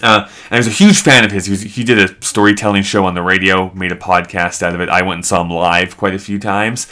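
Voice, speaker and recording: A man hosting a live stream, telling a story in an animated, chatty way full of "like". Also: low-pitched, fast talker. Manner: animated, chatty, heavy use of "like".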